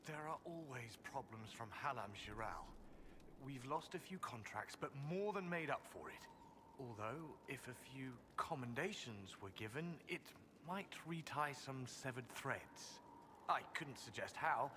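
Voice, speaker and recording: An actor playing a brisk, proud male steward in a video game, formal and wry in manner. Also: mid-range voice, lively intonation, noisy background, natural voice.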